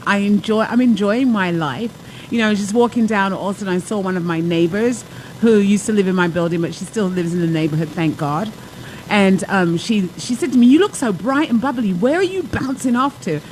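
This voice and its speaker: Woman host, a life coach, telling stories casually, mid-pitched voice, animated and rambling. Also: moderate pace, a little hiss or hum, low-quality recording. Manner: lively, chatty storytelling with many asides. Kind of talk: talk show monologue.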